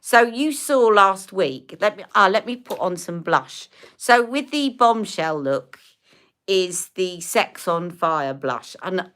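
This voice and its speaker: A woman's voice: fairly low pitch, fairly bright tone. A woman in her fifties chatting casually as a beauty live-stream host, rambling while answering viewers' comments and putting on makeup.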